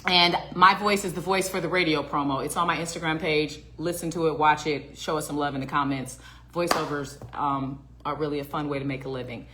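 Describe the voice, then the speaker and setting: A woman hosting a podcast, playful and animated, with crisp, careful diction. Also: low voice, a little fast, background noise. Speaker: podcast host, voice actor. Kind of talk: casual chat.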